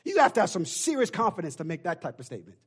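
A man preaching a sermon, calling on the congregation to answer him and building from quiet talk to loud shouting. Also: sits high, huge pitch swings, racing, husky.

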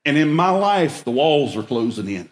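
A man's voice: fairly high pitch, big pitch swings, moderate pace. A man preaching through a folksy, self-mocking story, with emphatic bursts. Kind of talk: storytelling sermon. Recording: echoey room.

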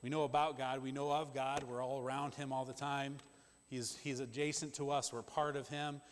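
A man preaching a sermon in a conversational, emphatic way, with quick asides to the congregation. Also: medium pitch, level tone. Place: church sanctuary. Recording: long church-hall reverb.

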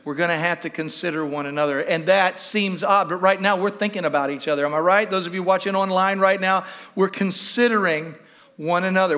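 A male pastor preaching a sermon to his church, animated and repeating questions to the congregation. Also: high voice.

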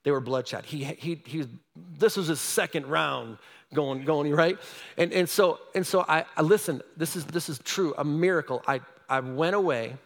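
A male pastor telling a story from the pulpit, his voice sitting high for a man. He swings from loud, excited bursts to hushed asides. The sound rings with long reverb from a large hall. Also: moderate pace. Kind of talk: storytelling sermon.

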